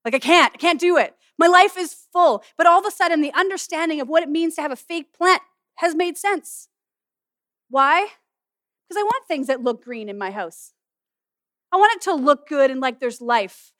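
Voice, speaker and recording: A middle-aged woman pastor giving an animated, humorous sermon in a conversational way. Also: very high-pitched, dry recording, clean studio sound. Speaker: pastor and student chapel speaker. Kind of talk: sermon with object lesson.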